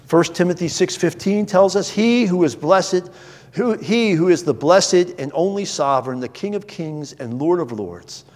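Middle-aged male pastor, high voice, sermon delivery with lifts and quiet asides, long reverb. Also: expressive, moderate pace. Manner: preaching with wide swings between raised emphasis and quiet asides.

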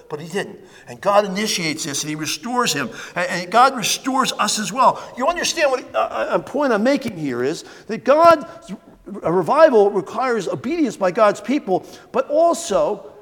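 High-voiced preaching man in a hall. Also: a bit bright. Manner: emphatic, repetitive preaching with fillers. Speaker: pastor. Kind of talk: sermon.

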